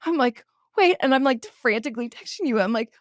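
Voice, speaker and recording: A young woman co-hosting a podcast, telling stories excitedly in casual chat. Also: on the high side, fairly quick, no room sound, studio quality. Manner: excitable, lively storytelling. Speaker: podcast co-host.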